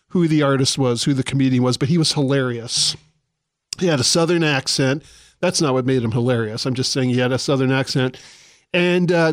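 A man's voice: fairly high pitch, no room sound, clean studio sound. A man in his sixties hosting a radio show, teaching in a chatty way with self-deprecating asides. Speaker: radio host.

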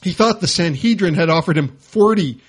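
A man's voice: high-pitched, expressive, moderate pace, breathy edge. A man hosting a radio talk show, joking through a comedy list with a playful, laughing manner.

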